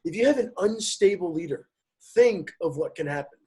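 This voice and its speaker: High husky guy on a podcast, preachy, hammers the same words. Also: animated, normal speed, mellow. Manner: emphatic, preachy, repeats key words. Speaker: podcast guest. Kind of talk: casual podcast chat.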